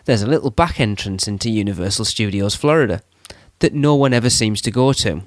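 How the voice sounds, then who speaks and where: A man's voice: on the low side, brisk, no room sound, clean studio sound. A man co-hosting a theme-park podcast, chatting casually and giving practical tips. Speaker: podcast co-host. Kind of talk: casual chat.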